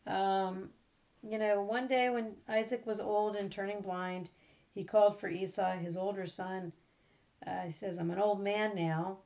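A woman teaches a Bible lesson, first reading the passage in a steady storybook manner, then talking it over with small hesitations. Her voice sits at a middle pitch. The recording is dull and lo-fi. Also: a little slow. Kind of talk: reading scripture aloud, then explaining it.

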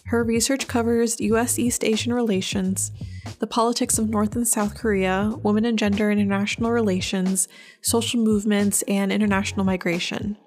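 A woman presenter reading a scripted introduction in a smooth, even delivery. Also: mid-range voice, fairly quick, faint music behind.

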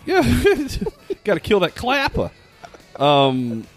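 A man's voice: high-pitched, wildly swooping pitch, extremely slow, soft background music. A man co-hosting a podcast, telling a story casually with plenty of fillers. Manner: storytelling, chatty, hesitant with fillers. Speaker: podcast co-host. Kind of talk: casual chat.

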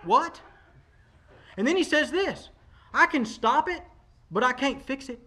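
A man's voice: very high voice, expressive, a little slow, long pauses, sharp tone. A man, preaching a sermon in a conversational, emphatic way, talking straight to the congregation. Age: 40s. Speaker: pastor.

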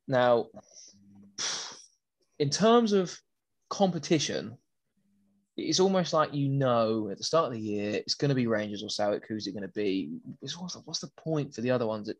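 A man's voice: medium pitch, no room sound. Guy hosting a footy podcast, rambles a bit, dry mic. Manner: rambling, with frequent restarts. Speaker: podcast host. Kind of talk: casual football podcast chat.

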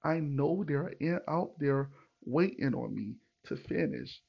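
Gravelly man telling a loose story. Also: on the high side, expressive, slow, lo-fi sound. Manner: loose, conversational, many fillers and asides to listeners. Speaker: podcast host. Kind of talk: casual storytelling monologue.

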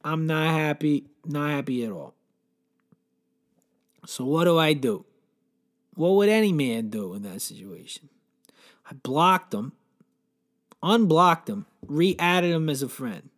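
A brash man with a slightly high voice rants through a crude comic story, swearing constantly. He rambles from one gripe to the next in a loose podcast style. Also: animated, takes it slowly, pauses often, fairly bright tone. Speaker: comedy podcast host. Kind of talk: crude comedic rant.

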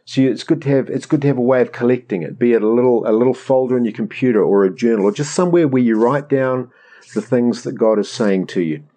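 A middle-aged man preaching a conversational sermon, animated and rambling as he acts out prayers. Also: mid-range voice, fast talker. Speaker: pastor.

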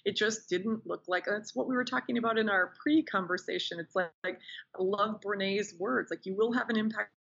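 A woman chats as a podcast guest, her voice husky and slightly breathy. She tells her stories eagerly and expressively. The sound is a little dull and lo-fi. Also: mid-range voice, normal speed. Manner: enthusiastic, animated storyteller. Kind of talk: casual interview chat.

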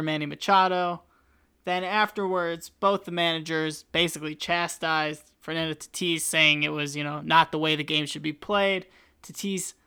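Bright, smooth-voiced podcast host. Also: male voice, fairly high pitch. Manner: chatty, opinionated, self-deprecating. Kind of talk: casual chat.

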